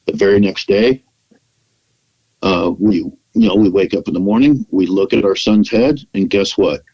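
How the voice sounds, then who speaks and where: A man's voice: low voice, normal speed, warm tone, slightly rough, poor audio. A man, a podcast guest, tells a long personal story in conversation, acting out the dialogue he quotes and often restarting with "you know.". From California, United States. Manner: acts out quoted dialogue in his retelling.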